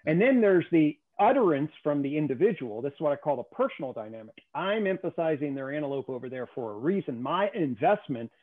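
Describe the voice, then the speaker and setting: A man's voice: on the high side, animated, a little fast, few pauses. A man as a guest explaining a theory in conversation, emphatic and often checking in with "okay?". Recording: tinny phone-like call audio.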